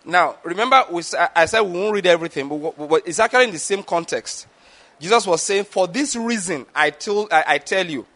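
A man's voice: high-pitched, animated, a little fast, pushed and bright. A man preaching a sermon, often asking his listeners if they follow him. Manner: asks the audience rhetorical questions and checks understanding. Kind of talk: sermon teaching.

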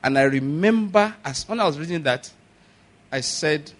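A man preaching a sermon, telling stories and acting out the people in them with sudden shouts. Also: fairly high pitch, lively intonation, moderate pace. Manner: storytelling, acts out quoted voices with sudden shouts. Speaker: pastor.

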